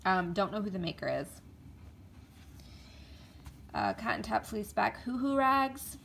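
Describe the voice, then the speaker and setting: A woman's voice: medium pitch, very animated, measured pace, creaky, fairly bright tone. Chatty woman vlogger, faint hiss. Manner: chatty, with fillers, stumbling over names. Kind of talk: casual show-and-tell vlog.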